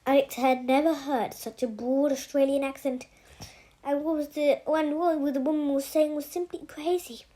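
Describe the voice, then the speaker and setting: Woman reading a novel out loud, high voice, keeps stumbling and starting lines over. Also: steady tone. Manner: halting, with frequent restarts and self-corrections. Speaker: audiobook reader.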